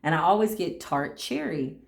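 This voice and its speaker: A woman's voice: low-pitched, moderate pace, gravelly. Woman giving spiritual talk in echoey room. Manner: animated storytelling, acts out voices, laughs often. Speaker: spiritual reader.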